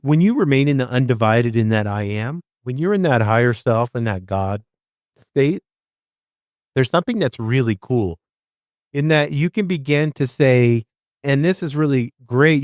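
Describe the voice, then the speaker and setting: A man's voice: mid-range voice, darkish tone, no room sound. Emphatic, salty-tongued man, dry close mic. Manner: emphatic, swears freely, acts out inner voices. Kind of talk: casual spiritual recovery conversation.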